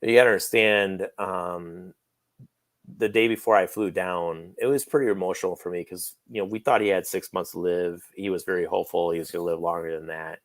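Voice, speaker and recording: A low-voiced man recalls a friend in a relaxed talk-show chat. He rambles, stops for fillers and acts out the lines of the people in his story. The sound is dry and close. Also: a little fast, no echo. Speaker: guest, friend of the late actor. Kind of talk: casual interview storytelling.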